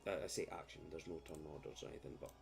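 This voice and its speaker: A man running a tabletop game as game master, narrating in a measured, descriptive way. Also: rumbling low, fairly even intonation, creaky, soft background music.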